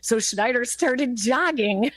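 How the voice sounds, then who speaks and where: A woman hosting sports talk radio, telling stories in a relaxed way and laughing at the funny parts. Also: on the high side, slow, no echo. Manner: storytelling, laughing through anecdotes. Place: radio studio.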